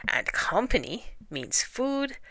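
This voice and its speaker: A woman voicing a cheerful, simple, food-loving male teddy bear in a storybook reading, speaking slowly and earnestly with sing-song humming. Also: a little high, very animated, creaky, pushed and bright, dry recording, pitched above the performer's own voice, exaggerated voice.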